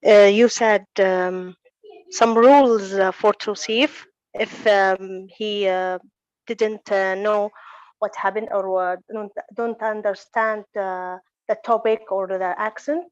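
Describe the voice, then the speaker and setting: Slow, halting woman from Libya. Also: medium pitch, steady tone, no echo. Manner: halting, many fillers, searching for words. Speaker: student. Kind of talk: speaking in an online class. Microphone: video call. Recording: dull, dry video call audio.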